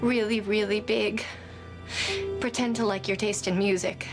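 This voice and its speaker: A woman's voice: medium pitch, steady tone, unhurried, natural voice. An actress playing a desperate young woman pleading for her lover in a TV drama, earnest and emotionally raw, with score music playing underneath. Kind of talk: TV drama acting. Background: soft score music.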